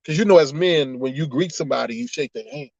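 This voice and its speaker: A man chatting casually on a livestream with his viewers, animated and laughing often as he drifts into preachy asides. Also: on the high side, quick pace, dry recording, muffled recording. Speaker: online streamer.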